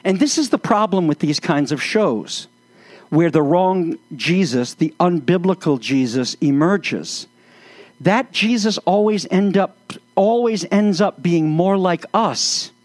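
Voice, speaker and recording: A man's voice: high voice, animated, slow pace, no room sound. A man speaking as a pastor in sermon-style commentary, earnest, with flashes of exasperated sarcasm.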